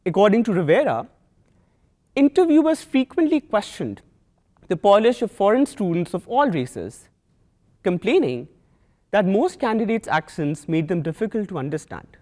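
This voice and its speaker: A man in his twenties with a Pakistani accent, giving a prepared student talk in an earnest, measured way with deliberate pauses. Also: sits high, big pitch swings, a little mellow. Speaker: student speaker.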